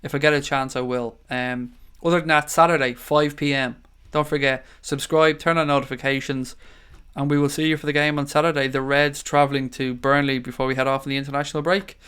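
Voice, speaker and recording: An Irish man hosting a late-night live stream, rambling easily through viewer comments. His voice is smooth and clear, pitched at an everyday middle, with a tired edge. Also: flat delivery, a little fast, fairly bright tone. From Ireland. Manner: chatty, rambling, calls viewers mate. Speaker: livestream host. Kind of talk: casual live stream chat reading comments.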